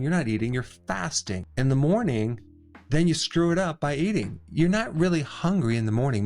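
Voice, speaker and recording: A middle-aged man hosting a health explainer, speaking to the camera in a conversational, emphatic way with quick "right?" asides and touches of sarcasm. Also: medium pitch, a little mellow. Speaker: health educator host. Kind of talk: direct-to-camera explainer monologue.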